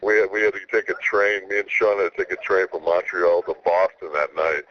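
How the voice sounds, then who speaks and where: A man's voice: deep voice, fairly even intonation, a little fast. A man talking casually as a guest in an interview, laid-back and rambling, with many stammered restarts. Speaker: wrestler guest. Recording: slightly muffled radio audio with faint hiss.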